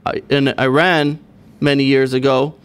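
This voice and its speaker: A man, a rabbi, guesting on a radio show, explaining earnestly with many pauses and fillers. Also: medium pitch, little pitch movement, clear, resonant tone. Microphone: studio microphone.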